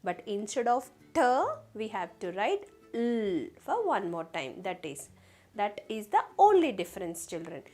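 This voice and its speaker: A woman's voice: medium pitch, sing-song, measured pace, a little mellow, soft background music. A woman teaching a phonics lesson to young children. She sounds out letters one at a time and keeps asking the children questions. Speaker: kindergarten teacher.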